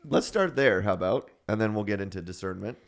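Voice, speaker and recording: A man's voice: fairly low pitch, fairly quick, gravelly. A man co-hosting a podcast in casual chat who laughs often and steers the conversation. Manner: relaxed, laughs often, leads the topic. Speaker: podcast co-host.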